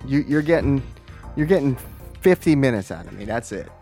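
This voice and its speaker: A man's voice: mid-range voice, a little fast, gravelly, soft background music. A man co-hosting a podcast, teasing and sarcastic in casual chat. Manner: teasing, sarcastic, lively delivery. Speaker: podcast co-host. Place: room, seated in a lawn chair. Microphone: mic muffled with a wool glove.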